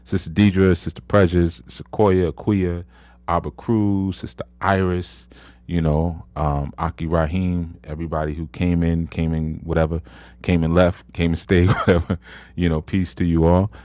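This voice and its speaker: A man's voice: low voice, little pitch movement, normal speed, a little mellow, dry recording. A man in his thirties hosting an audio chat room, giving a casual motivational talk, emphatic and repetitive with lots of "you know". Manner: emphatic, repeats words, frequent "you know".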